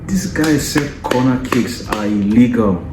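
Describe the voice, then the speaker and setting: A man with a medium-pitched voice speaks at a measured pace in a reverberant space with background noise. He hosts a football podcast and delivers an opinionated, taunting rant. Combative in tone, he keeps pressing his point with repeated tag questions like "yeah?" and "you understand?".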